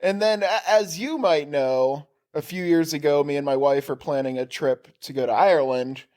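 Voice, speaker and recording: A man co-hosting a podcast in casual chat, animated and swearing, acting out quotes from his family. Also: a little high, normal speed. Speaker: podcast co-host. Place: basement.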